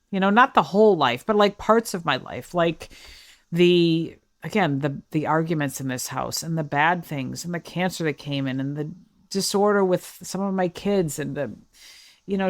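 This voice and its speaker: Earnest, low-voiced woman podcast host. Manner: earnest and searching, thinks aloud with many restarts and "like". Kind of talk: reflective solo podcast talk.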